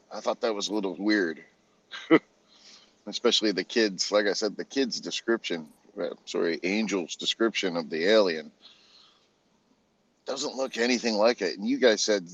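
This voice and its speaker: A man's voice: on the low side, dry recording, highs cut off. A man in a casual online audio chat, rambling and chuckling as he pieces his thoughts together. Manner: rambling, chuckling, self-correcting.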